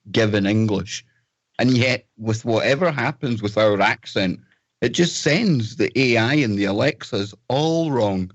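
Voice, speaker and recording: A man's voice: on the low side, dry recording, lo-fi sound. A man from the north of Scotland with a Scottish accent, hosting a podcast in a joking, rambling chat. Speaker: host.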